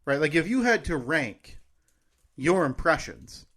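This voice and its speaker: A man's voice: fairly high pitch, very animated, a little slow, a bit bright. A man co-hosting a podcast in casual chat, joking and laughing often. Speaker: podcast co-host.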